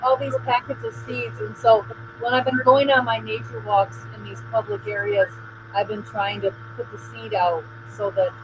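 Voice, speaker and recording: A woman's voice: a little high, flat delivery, moderate pace. Earnest woman over a humming mic. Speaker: chat guest. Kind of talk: casual chat. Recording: mains hum on a home mic.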